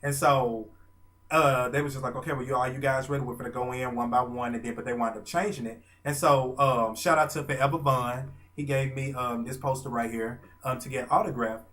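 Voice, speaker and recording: Guy from arkansas gushing through a story, animated, lots of pauses for effect. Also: medium pitch. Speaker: vlogger and fan. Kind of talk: casual storytelling.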